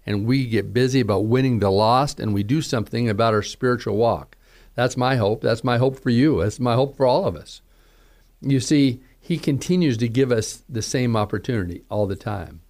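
Middle-aged pastor guy preaching on the radio, earnest and pushy, mid pitch. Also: a little mellow. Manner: earnest preaching, rising emphatic on calls to repent. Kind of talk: radio sermon.

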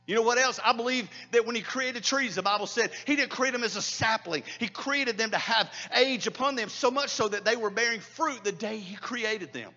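High-voiced preaching pastor, echoey hall. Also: male voice, normal speed, hardly any pauses, highs cut off. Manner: swings between loud preaching and hushed near-whispers. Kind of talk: sermon. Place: church hall.

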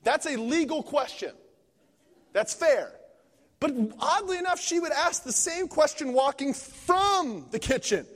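A young man from Pennsylvania delivers a sermon, his voice sitting high for a man. He jokes and tells everyday stories, often restarting his sentences. His words ring out with the long reverb of a church sanctuary. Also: unhurried. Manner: lively, joking storytelling with many restarts. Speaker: guest preacher.

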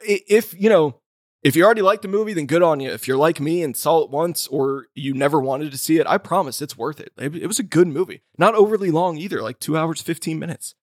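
A man's voice: a little high, quick pace, no echo. Laid-back rambling man on a dry podcast mic. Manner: loose and rambling, heavy on filler words, swears freely. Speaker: podcast co-host. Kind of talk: casual chat.

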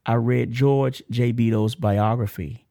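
A man hosting a faith podcast, mixing lively shout-outs with preacher-style reading of a testimony. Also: mid-range voice, slow pace, gravelly, dry recording, studio quality. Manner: animated, emotional, shout-outs and laughs; preacher-like cadence. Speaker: podcast host. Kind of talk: casual preaching and reading a letter.

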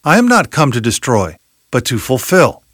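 A man preaching an expository sermon, emphatic, asking rhetorical questions and quoting scripture, slowing down to stress key words. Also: medium pitch, huge pitch swings, fairly bright tone, dry recording, studio quality.

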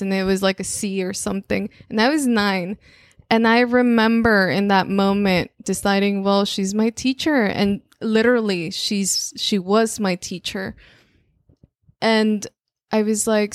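A native Spanish speaker from Mexico, a woman with a Mexican Spanish accent and a mid-range voice, gives a reflective monthly spiritual talk as a channeler. She speaks a little slowly and tells personal stories, frequently restarting her sentences. The sound is clean studio audio with no room sound.

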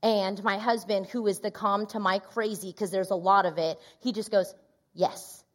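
A woman pastor in her thirties preaching a sermon, telling a personal story in an animated way and acting out the quoted voices. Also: mid-range voice, normal speed. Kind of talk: sermon testimony.

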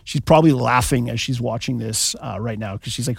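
A man's voice: mid-range voice, fast, gravelly, few pauses, breathy edge, no echo, studio quality. Conversational man preaching. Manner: conversational, joking, asks "right?" often. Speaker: pastor. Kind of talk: sermon.

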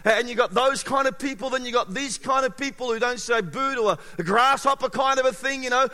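A male preacher delivers a sermon in a high, bright, ringing voice. He is animated, punching some words hard and dropping others to a near hush. A long reverb trails his voice through a large hall. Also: fairly quick, few pauses. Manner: animated, swings between loud emphasis and quiet intimacy. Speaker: pastor.

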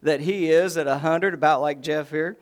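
An elderly woman of ninety who mocks the idea with exaggerated disbelief, played by a man preaching. Her voice rises above the preacher's usual tone and comes out louder. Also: fairly high pitch, moderate pace, close to an everyday voice. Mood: scoffing. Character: ninety-year-old woman, scoffing and incredulous.

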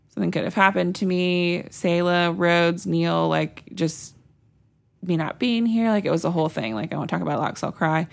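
A woman's voice: deep voice, gravelly. A young woman co-hosting a podcast, telling a personal story in a rambling, chatty way with frequent laughter. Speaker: podcast co-host. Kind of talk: casual storytelling.

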